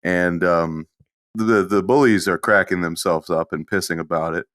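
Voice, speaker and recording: A man with a very low voice co-hosts a casual podcast. He tells crude, deadpan anecdotes, recorded dry and close. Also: normal speed, no echo. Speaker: podcast co-host. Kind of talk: casual chat.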